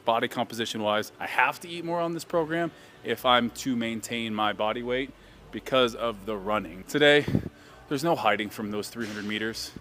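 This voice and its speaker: A man's voice: mid-range voice, moderate pace, bright, forceful tone. A man filming a casual workout vlog in a gym, joking around and pushing the viewer between sets, sometimes out of breath. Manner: joking, hypes the viewer while training. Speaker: fitness vlogger.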